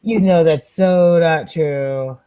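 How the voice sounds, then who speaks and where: A woman with a low voice co-hosting a live book show in casual conversation. She is blunt and wry, tossing in swear words offhandedly. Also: slow pace, dark tone, smooth, poor audio. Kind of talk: casual chat.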